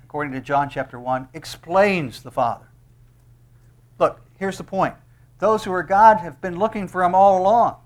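Emphatic high-voiced male preacher. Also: fairly bright tone. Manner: emphatic, rising on quoted verses. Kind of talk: expository sermon.

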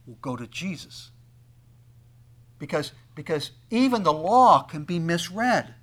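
Male preacher, a touch high-voiced, dynamic sermon delivery that acts out the people he quotes. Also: very animated, unhurried. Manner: swings between loud emphasis and quiet asides; acts out quoted speakers in conversational tones. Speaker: pastor.

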